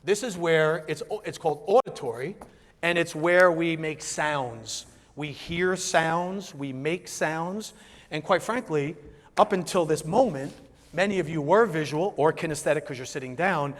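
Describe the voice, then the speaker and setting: Animated high-voiced man lecturing a room. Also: a little slow, long reverb tail. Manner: animated, asks the room questions, acts out voices. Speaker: business speaker. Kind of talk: live seminar talk to an audience.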